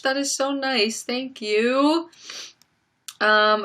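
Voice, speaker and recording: A young woman hosting a livestream, softly reading out chat comments and thanking viewers, on a built-in laptop mic at home. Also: fairly high pitch, slow. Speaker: livestream host.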